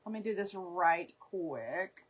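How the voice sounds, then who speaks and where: A woman's voice: on the low side, lively intonation, slow pace. A woman hosting a live makeup stream, chatting casually and rambling through stories with frequent laughter. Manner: rambling, chatty storyteller who laughs often.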